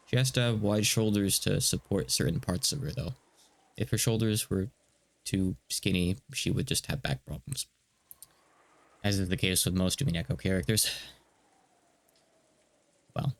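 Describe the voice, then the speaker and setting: A man's voice: low voice, normal speed, gravelly, long pauses. A man streaming a game, chatting in a casual, rambling way that slightly stutters. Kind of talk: casual let's-play commentary.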